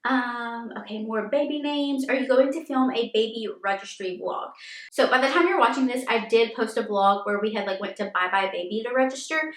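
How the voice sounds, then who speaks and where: A woman's voice: a little high, brisk. A woman in her thirties, a first-time mom, answering viewer questions in a chatty vlog, filling her talk with frequent "like"s. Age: 30s. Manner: chatty, filler-heavy with frequent "like". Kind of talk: casual Q&A vlog. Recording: echoey room.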